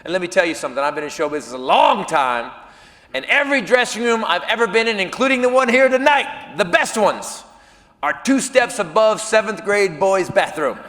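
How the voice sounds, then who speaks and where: A stand-up comedian telling a story on a live stage, loud and animated, dropping to mumbled self-talk. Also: male voice, high voice, fairly quick. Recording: live hall reverb with audience noise.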